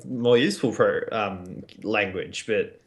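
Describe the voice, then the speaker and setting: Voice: low-pitched, takes it slowly. A podcast co-host talking casually in a group chat, laid-back and rambling with mock exasperation.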